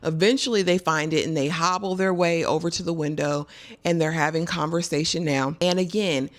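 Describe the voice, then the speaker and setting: Woman, middle-aged, low voice, casual TV recap vlogger, emphatic. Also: fairly even intonation, a little fast. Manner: chatty and emphatic, colloquial.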